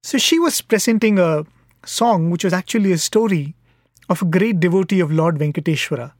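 A man, his voice sitting a little high, tells a devotional story at a patient, sincere pace. His delivery is earnest and unhurried. The sound is close and dry, with no echo. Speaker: devotional speaker.

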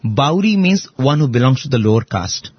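A man telling a devotional story in conversation, animated and full of fillers. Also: mid-range voice, moderate pace, slightly rough, no room sound, dull audio. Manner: animated, acts out voices in quotes, many fillers.

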